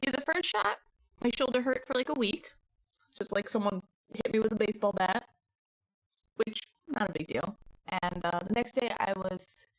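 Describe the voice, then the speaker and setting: A young woman streaming from home, chatting casually and answering her live chat as she goes. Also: medium pitch. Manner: chatty, reads and answers chat messages, rambling.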